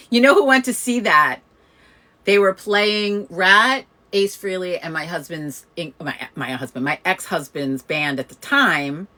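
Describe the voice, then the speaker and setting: A woman, chatting casually as host and telling a story, laughing often and acting out the people she quotes. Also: medium pitch. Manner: chatty, laughs often, animated quoting of others. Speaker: host of a community coffee chat.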